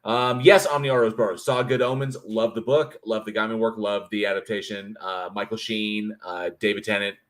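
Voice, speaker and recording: A man's voice: lowish voice, steady tone, moderate pace, hardly any pauses. Blunt, profane man chatting on stream. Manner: reads viewer chat aloud, blunt and profane. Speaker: livestream co-host. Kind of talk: casual chat.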